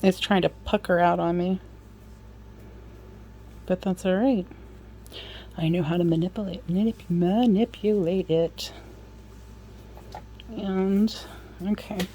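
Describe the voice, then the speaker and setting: A woman's voice: lowish voice, fairly even intonation, slow, pauses often, warm tone, a little hiss or hum. A woman giving a casual sewing demonstration, chatting and apologizing in asides as she works. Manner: chatty, apologetic asides, talks while working. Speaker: sewing instructor.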